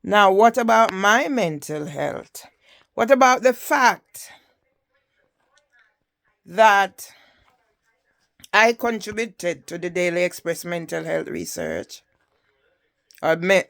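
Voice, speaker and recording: A woman's voice: lowish voice, takes it slowly, vocal fry, long pauses. An older woman with a Jamaican accent, giving an impassioned personal testimony and often asking the listener "Yeah?". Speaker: campaigner telling her story.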